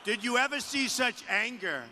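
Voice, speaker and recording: A man giving a campaign rally speech as a political candidate, repetitive and boastful, with sudden shouted bursts. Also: very high voice, normal speed, slight background noise. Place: large rally venue. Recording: long arena reverb with faint crowd.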